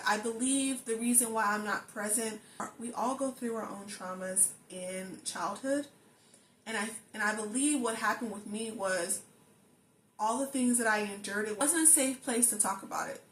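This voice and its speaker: A woman's voice: on the high side, fairly bright tone. Earnest woman vlogger in an echoey room. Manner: earnest, self-affirming, repeats phrases for emphasis. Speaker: lifestyle vlogger. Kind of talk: personal reflective monologue. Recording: echoey room with faint ambient noise.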